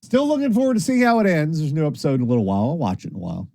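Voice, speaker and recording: A man hosts a late-night stream in a casual, rambling way. His pitch leaps up and down as he talks, and he sounds tired. The close mic makes his voice dry, with no room sound. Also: rapid-fire, dry recording. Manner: lively, rambling, swears casually. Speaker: internet radio host.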